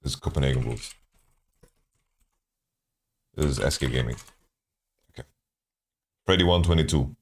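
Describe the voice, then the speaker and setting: A man's voice: a bass voice, moderate pace, creaky, long pauses. A man streaming, thinking aloud as he guesses team rosters from player nationalities, often repeating words. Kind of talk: casual stream commentary.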